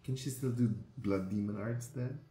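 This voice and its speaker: A man giving live reaction commentary on an anime, excitable and swearing freely as he exclaims at the screen. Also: mid-range voice, moderate pace. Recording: echoey room with faint music.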